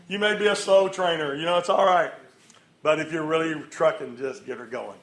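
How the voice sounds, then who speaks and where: A man's voice: fairly high pitch, brisk, slight background noise. Preacher man rousing an audience, echoey. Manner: lively, rallying crowd, sudden loud outbursts. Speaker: speaker at a morning meeting. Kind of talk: energetic motivational sermon. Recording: echoey room, faint ambience.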